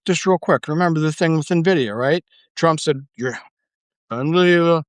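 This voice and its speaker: A man's voice: on the high side, normal speed, dry recording. A middle-aged man hosting a podcast, ranting casually with frequent swearing and fillers. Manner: ranting, profane, full of fillers. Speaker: podcast host. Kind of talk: casual monologue.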